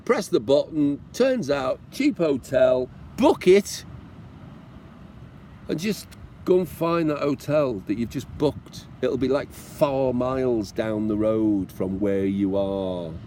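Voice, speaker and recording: A chatty British man, speaking at a middle pitch, vlogging outdoors about riding his motorbike across countries. He talks to the viewer in a warm, encouraging way and mocks himself with the odd joke. The faint hum of traffic and street sounds sits behind his voice. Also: animated, slow. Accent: British English. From Britain. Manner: chatty, encouraging, self-mocking, jokingly tearful. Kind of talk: casual chat to camera.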